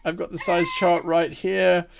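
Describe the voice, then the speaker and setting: A man's voice: high voice, level tone, a little slow, gravelly, slight background noise. A man serving as game master, narrating a tabletop game with vivid, playful description.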